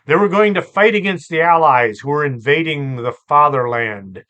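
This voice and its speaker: A man hosting a storytelling show, relaxed and chatty, with asides and fillers. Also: on the high side, normal speed. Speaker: host and storyteller. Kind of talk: conversational storytelling podcast.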